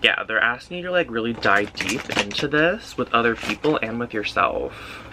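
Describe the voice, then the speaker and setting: A tarot reader does a casual pick-a-card reading, loose and intuitive, peppering his talk with "like." His mid-range voice has a sing-song lilt at normal speed. There's noise in the background.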